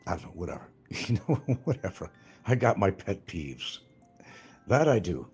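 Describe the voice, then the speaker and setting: A man's voice: deep voice, very animated, normal speed, breathy edge, faint music behind. An older retired man hosting a livestream, rambling casually from topic to topic and swearing freely. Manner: meandering, swears freely, jumps between topics. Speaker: livestream host.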